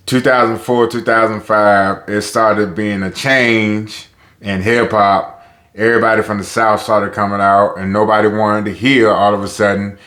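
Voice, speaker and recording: A man with a Tidewater Virginia accent, talking casually and profanely in a loose vlog monologue. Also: fairly bright tone. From Newport News, Virginia. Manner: loose and profane, heats up with rising pitch on social topics. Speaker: vlogger.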